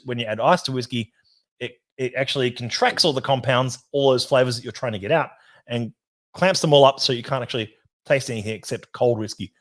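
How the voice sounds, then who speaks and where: A chatty man hosts a relaxed whisky livestream at a mid pitch. He talks loosely, rambles a little and answers viewer comments as they come in, laughing easily. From Australia. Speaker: whisky society host. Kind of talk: casual livestream chat.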